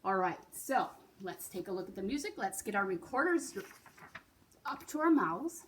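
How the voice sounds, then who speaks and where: A woman's voice: medium pitch, very animated, normal speed, fairly bright tone, a little hiss or hum. A woman teaching a beginner recorder lesson, patient and encouraging, often checking in with "right?" and "okay?". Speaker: music teacher.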